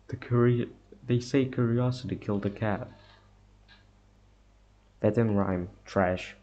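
A young man plays a horror game and comments as he goes, drawling his words slowly in a creaky, gravelly voice that sits a little low. He mutters to himself and reacts nervously when something jumps out. The recording is muffled and lo-fi, with a faint hiss underneath. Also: warm tone. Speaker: gamer.

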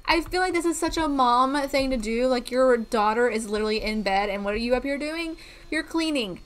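A woman chats through her game in a bright, high register that leaps all over the place. She gushes and exclaims constantly in easy, casual commentary. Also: animated, a little fast. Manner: bubbly, gushing exclamations. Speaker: let's play host.

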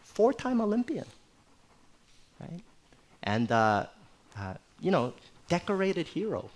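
A middle-aged man preaching a sermon in a church, conversational and animated, with playful asides. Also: high-pitched, takes it slowly. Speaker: pastor.

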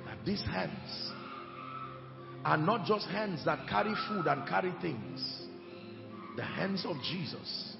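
A man preaching a sermon with emphatic delivery, moving between shouted lines and hushed ones. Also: high-pitched, lively intonation, slow, creaky, long pauses, lo-fi sound. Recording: echoey hall with music behind.

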